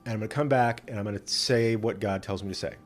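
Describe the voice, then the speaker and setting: A man's voice: fairly low pitch, fast talker, faint music behind, lightly acted. A man voicing a greedy male soothsayer who talks in a chatty, hedging way with modern slang. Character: greedy, bargaining male soothsayer, slick and casual.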